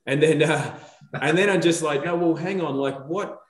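Aussie bloke yarning on a podcast, acts out what people said, bit of room echo. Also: male voice, on the high side, normal speed. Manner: animated storyteller, acts out quoted dialogue. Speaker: podcast guest. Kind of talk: casual chat.

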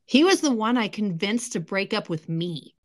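A woman's voice: medium pitch, very animated, normal speed. Blunt woman podcast co-host. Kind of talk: casual chat.

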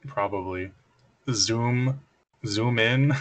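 A man's voice: fairly low pitch, extremely slow. Guy cohosting a podcast, dry and teasing, just casual banter. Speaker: podcast co-host.

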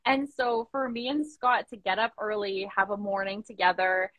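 A woman's voice: mid-range voice, fairly even intonation, normal speed, a bit bright, no room sound, poor audio. A young woman business owner chatting casually on a video call, full of fillers and quoted asides. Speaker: coaching client, business owner.

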